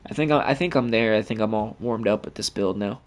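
A man's voice: fairly low pitch, brisk. A man giving profane, trash-talking commentary over his own gameplay as the channel host.

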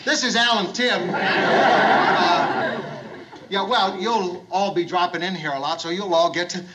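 A gruff, middle-aged boss who is straining to act like a jolly bar host, his voice pitched high for a man. It is a 1970s studio sitcom performance, heard on a hissy old TV soundtrack. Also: measured pace. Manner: forced, overeager cheerfulness.

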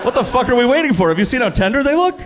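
A man in his thirties performing a stand-up comedy set for a live audience, deadpan and profane, rising to loud exasperated punchlines. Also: extremely high pitch, rapid-fire. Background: audience laughter.

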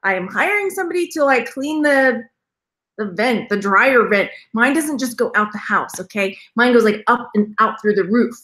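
A high, bright-voiced woman rambles through a live stream, greeting her viewers one after another. Her talk wanders from one tangent to the next, with plenty of laughter along the way. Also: expressive, moderate pace. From Texas. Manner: rambling, chatty, laughs often. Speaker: jewelry reseller, channel host.

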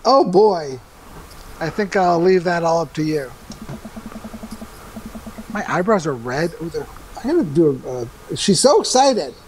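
A man co-hosting a let's play, reading a dating game's dialogue aloud in a deadpan, mock-fatherly way. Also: a little high, a little slow, pauses often, a little hiss or hum, poor audio. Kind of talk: reading game dialogue as the dad.

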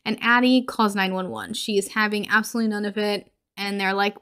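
A woman's voice: medium pitch, fairly even intonation, brisk, few pauses, fairly bright tone, smooth. Young woman podcast host going through a scary movie scene by scene, laughs a lot, does the characters' lines. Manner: chatty, laughs often, acts out the characters' lines in quotes. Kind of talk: casual movie recap.

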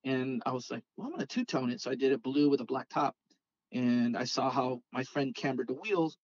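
A man, a podcast guest telling a rambling, animated story and acting out the dialogue. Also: medium pitch, fairly quick, dry recording, muffled recording. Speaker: podcast guest, scale model car artist. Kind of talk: casual storytelling chat.

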